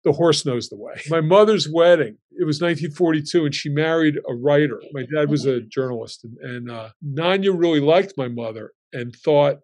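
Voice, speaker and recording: A man's voice: on the high side, moderate pace, hardly any pauses, darkish tone. A man in his sixties, a guest telling family stories in a casual way and acting out his relatives' lines as he goes.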